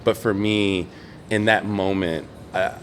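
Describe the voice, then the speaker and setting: A man from New York telling stories in a casual interview, an animated storyteller who acts out the dialogue of others. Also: low voice, slow, slight background noise. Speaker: podcast guest, former Olympic swimmer.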